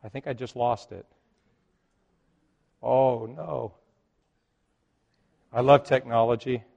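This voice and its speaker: A male pastor telling a story in a sermon, swinging between loud and hushed and joking with the congregation. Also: medium pitch, fairly even intonation, slow pace, creaky, lo-fi sound. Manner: jokes with the congregation.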